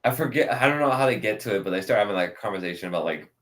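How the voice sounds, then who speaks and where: Male podcast co-host, mid-pitched, very animated delivery, jumps into squeaky character voices. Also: rapid-fire. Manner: acts out characters' lines in loud squeaky voices. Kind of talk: casual anime recap chat.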